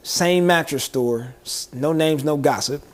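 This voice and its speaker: A man's voice: a little high, measured pace. A young man co-hosting a podcast, telling a story in casual slang and laughing often. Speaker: podcast co-host.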